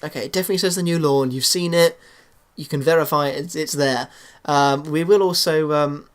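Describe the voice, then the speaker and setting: The young Englishman's slightly high voice moves briskly as he commentates casually on a football game for his YouTube channel. He hesitates a lot, with many fillers and restarts.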